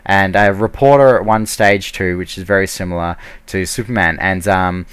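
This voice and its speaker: A man's voice: low-pitched, steady tone, moderate pace, fairly bright tone, clean tone. A man giving a heated, casual ranting review, full of fillers and restarts. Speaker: video blogger.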